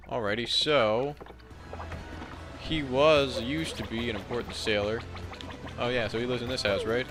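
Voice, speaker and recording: A man casually commenting as he plays a game, laid-back with mumbled asides. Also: mid-range voice. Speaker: let's play host.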